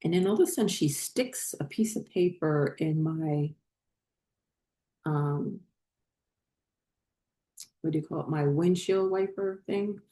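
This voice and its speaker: A woman with a low, mellow voice tells a personal story in a loose, casual way. She rambles, circles back and fills pauses with fillers as she goes. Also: reverberant. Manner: rambling, many fillers and restarts. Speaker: spiritual channel host.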